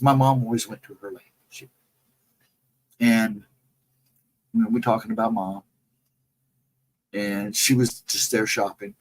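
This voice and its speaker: A man's voice: mid-range voice, rough recording. A man hosting a casual late-night livestream, telling rambling folksy stories and answering his chat. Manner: rambling, folksy storytelling with restarts; reads out chat comments and answers them. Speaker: livestream host.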